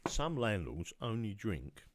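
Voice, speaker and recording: A tired man hosting a casual livestream, rambling and chatty, often trailing off into low muttering. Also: sing-song, unhurried. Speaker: livestream host.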